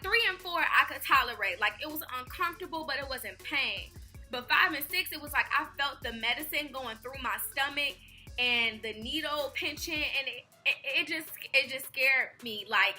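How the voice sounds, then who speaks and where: A young woman shares a chatty storytime as a vlogger, slipping into the voices of people she describes. Her voice is high and very bright. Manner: chatty, acts out quoted people. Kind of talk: casual storytime.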